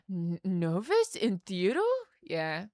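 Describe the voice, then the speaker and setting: A woman's voice: lowish voice, sing-song, slow, a little mellow, no room sound, studio quality. A young adult woman streamer chatting casually, rambling through a story full of fillers and restarts. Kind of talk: casual chat on a gaming stream.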